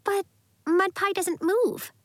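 A woman's voice: very high-pitched, fairly even intonation, takes it slowly, no room sound, voice pushed up. A woman voicing an earnest young girl who is fond of her pet.

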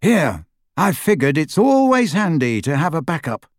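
A man's voice: fairly high pitch, sing-song, normal speed, no room sound, pitched above the performer's own voice. A man voicing an easygoing teenage boy with a casual, offhand way of talking.

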